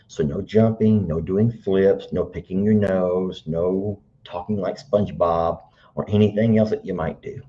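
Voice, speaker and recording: A middle-aged man with a drawl hosts a casual live stream, his voice sitting low. He chats easily and coaxes answers out of people like a patient teacher. The sound is dull and lo-fi. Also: fairly even intonation, unhurried, dark tone. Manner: chatty, teacherly, coaxing. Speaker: livestream host.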